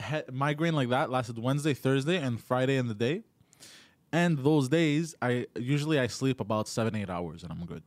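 A man's voice: mid-range voice, a little fast, few pauses, dry recording. Laid-back co-host man, dry sound. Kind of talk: casual livestream chat.

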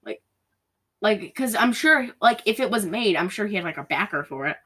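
A young woman co-hosting a casual podcast recaps a film's plot in a chatty way, saying "like" constantly and mimicking the characters as she retells it. Her mid-range voice is animated and a bit bright, with a breathy edge, at normal speed.

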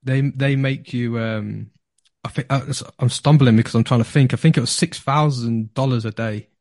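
A man, a podcast guest telling a story in a casual, animated way, laughing often and repeating words when excited. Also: medium pitch, normal speed, dry recording, clean studio sound.

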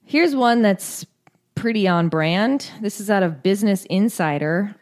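A woman's voice: mid-range voice, animated, unhurried. A woman co-hosting a casual podcast, reading news stories aloud in a blunt, swearing, laugh-filled way. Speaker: podcast co-host.

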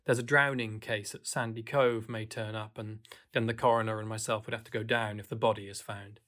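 A man putting on a hurried, eager Dublin gent. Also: on the low side, flat delivery, a bit bright, natural voice. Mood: hurried, pleading. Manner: brisk, eager, raised voice. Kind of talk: audiobook character voice.

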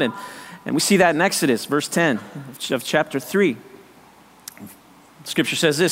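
A man preaching a sermon, lively and conversational, acting out people's excuses and laughing at himself. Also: a little high, normal speed, in a large hall. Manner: animated, acts out voices of doubters, laughs often. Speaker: pastor.

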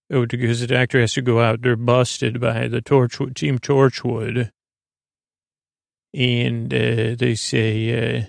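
A man's voice: mid-range voice, dry recording, clean studio sound. A man hosting a podcast, recapping a TV episode in a rambling, sleepy way with lots of hesitant fillers. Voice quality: gravelly, hesitant with many fillers.

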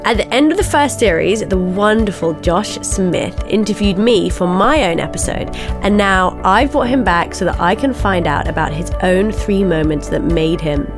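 A woman hosts a podcast and gushes warmly about her guest in casual chat. Her voice sits at a middle pitch. Faint music plays behind her. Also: expressive, moderate pace. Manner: warm, effusive, gushing. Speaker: podcast host.

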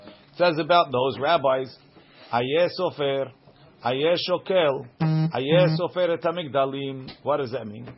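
A man's voice: medium pitch, measured pace, a little hiss or hum. Man translating a Talmud text aloud. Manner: reads Aramaic text then translates it line by line. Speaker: Talmud teacher. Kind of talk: Talmud class, reading and translating. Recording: dull lo-fi recording.

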